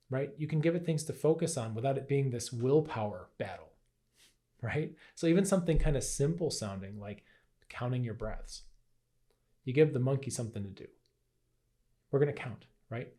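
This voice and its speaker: A man's voice: medium pitch, normal speed, pauses often, warm tone. A man teaching in a casual, conversational way, often asking "right?" and acting out playful inner voices. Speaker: health and Qigong teacher. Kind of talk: casual teaching talk to camera.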